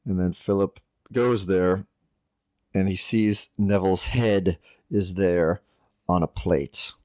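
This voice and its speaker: A young adult man co-hosting a podcast, recapping a film in a dry, deadpan way. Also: low-pitched, slow pace, dry recording. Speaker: podcast co-host. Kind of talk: casual chat, recapping a film.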